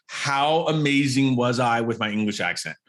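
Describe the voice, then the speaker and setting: A man hosting a podcast, excitable and self-deprecating, talking in quick bursts and laughing often. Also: medium pitch. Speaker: podcast host. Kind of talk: podcast interview.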